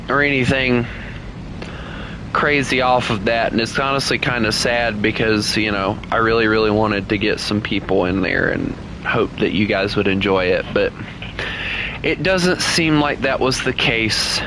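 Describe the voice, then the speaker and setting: A man's voice: on the low side, unhurried, background noise. A man streaming a game, chatting casually with his viewers, teasing them and laughing often. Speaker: gaming streamer. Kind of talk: casual live-stream chat while playing.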